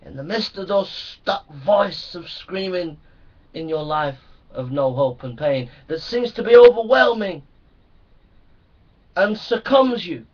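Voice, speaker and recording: Man preaching slow and fervent, lots of repeating, muffled far-off recording. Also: sits high, animated. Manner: impassioned, repetitive preaching that swings between loud and hushed. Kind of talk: sermon.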